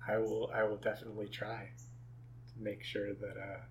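A man co-hosting a podcast, chatting casually, with frequent chuckles and halting restarts. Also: lowish voice, completely flat delivery, slight background noise. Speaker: podcast co-host. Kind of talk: casual chat.

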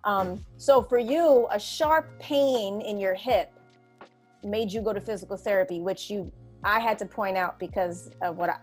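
A woman hosting a podcast, eagerly setting up her guest's story and reacting warmly. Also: mid-range voice, unhurried, faint music behind. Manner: eager, encouraging, reacts with short affirmations. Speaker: podcast host. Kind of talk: interviewing.

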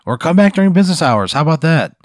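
A man's voice: fairly high pitch, very animated, fast talker, no room sound, clean studio sound. A man playing along in an improvised comedy game, blunt and exasperated. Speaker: player. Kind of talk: casual improvised play.

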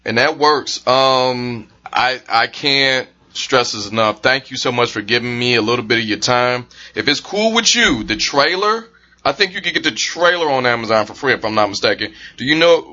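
A man's voice: medium pitch, sharp tone, lo-fi sound. A man hosting a podcast, wrapping up a casual interview with a guest, enthusiastic and thankful. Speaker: podcast host.

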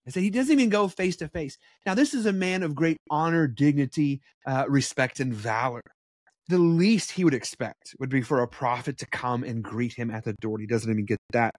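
A man teaching from the Bible in a casual preaching style, conversational and animated with blunt asides. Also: medium pitch, normal speed, no room sound, studio quality.

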